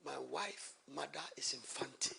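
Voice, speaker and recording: A man with a Ghanaian accent preaching a sermon in church. He moves from hushed storytelling to loud, emphatic preaching and repeats key phrases as he asks the congregation rhetorical questions. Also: mid-range voice, a little slow, gravelly, breathy edge.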